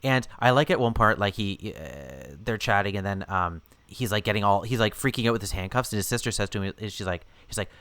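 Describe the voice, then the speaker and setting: A man's voice: on the low side, lively intonation, a little fast, few pauses, a bit bright, smooth, no echo. A man co-hosting a podcast, telling a rambling, amused story in casual chat. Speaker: podcast co-host.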